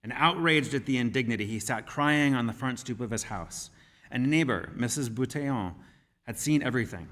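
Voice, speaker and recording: A man giving a sermon as minister, speaking in a measured, gentle storytelling manner. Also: mid-range voice, animated. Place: church sanctuary. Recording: reverberant church hall.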